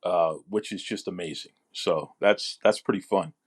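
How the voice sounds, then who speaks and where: Lowish voiced guy hosting a wrestling podcast, eager and chatty, trips over his words. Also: steady tone, moderate pace. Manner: enthusiastic fan, restarts words often. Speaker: podcast host. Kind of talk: casual podcast chat.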